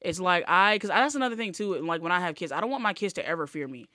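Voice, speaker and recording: Bright-voiced woman telling casual stories. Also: on the low side, expressive, fast talker, no echo, clean studio sound. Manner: loose, storytelling, lots of "like". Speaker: comedian guest. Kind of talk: casual podcast chat.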